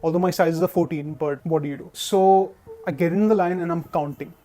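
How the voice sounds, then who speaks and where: A young man tells a story in a casual way. He is animated, acts out what others said, and fills his talk with "like". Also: a little high, fairly quick. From India. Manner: animated, acts out quotes, many filler "like"s. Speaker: sneaker collector.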